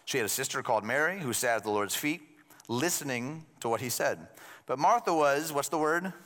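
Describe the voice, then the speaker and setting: A man's voice: mid-range voice, animated, brisk, fairly bright tone. A male pastor preaching a sermon in a conversational way, with joking asides to the congregation. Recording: long hall reverb.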